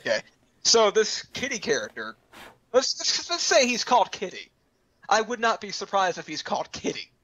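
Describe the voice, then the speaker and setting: Animated bright-voiced man, lo-fi sound. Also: sits high. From Texas. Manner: animated, breaks into quick silly voice impressions. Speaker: host of a gaming roundtable stream. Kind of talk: casual chat. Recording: lo-fi dull sound.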